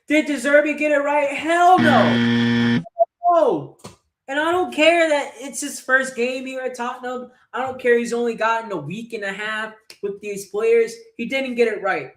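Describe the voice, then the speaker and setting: A man's voice: very high-pitched, moderate pace, hardly any pauses, fairly bright tone. Angry man ranting in a roomy echo. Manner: angry, profane ranting with rhetorical questions. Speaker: host of a football fan channel. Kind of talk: livestream match reaction rant.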